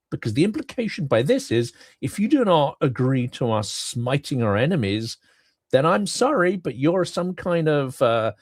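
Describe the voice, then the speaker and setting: A man's voice: mid-range voice, no room sound. Articulate man, dry close sound. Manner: articulate, measured, with fillers. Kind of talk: political commentary chat.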